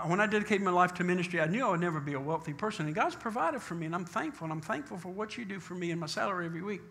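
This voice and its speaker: A man pastor preaching a sermon emphatically, asking rhetorical questions and slowing down to read scripture. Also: high-pitched, pushed and bright.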